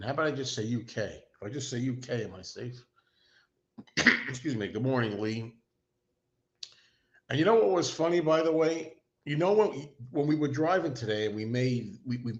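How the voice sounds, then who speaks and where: A man's voice: medium pitch, highs cut off. A man hosting a casual livestream, rambling and self-deprecating, talking as an enthusiastic fan. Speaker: host.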